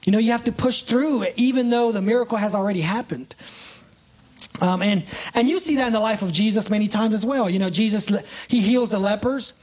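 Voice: medium pitch, a little fast, darkish tone. A preacher giving a conversational sermon, often checking in with "right?" and "you know", and calling listeners up to act out the story. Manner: casts listeners in live illustrations.

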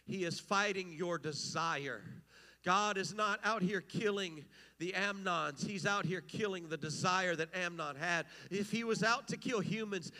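A man's voice: sits high, bright, forceful tone, long reverb tail. A man preaching an impassioned, emphatic sermon as pastor, rising and falling in intensity.

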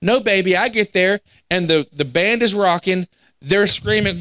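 Animated preacher with a higher voice. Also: male voice, normal speed, smooth, no echo. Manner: animated, acts out quoted voices, laughs at himself. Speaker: pastor. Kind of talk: storytelling sermon. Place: church sanctuary.

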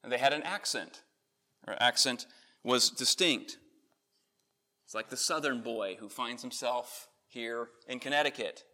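Bright-voiced male preacher. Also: medium pitch, measured pace. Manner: earnest preaching, rising emphasis on key points then softening. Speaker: pastor. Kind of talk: sermon. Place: church in Connecticut.

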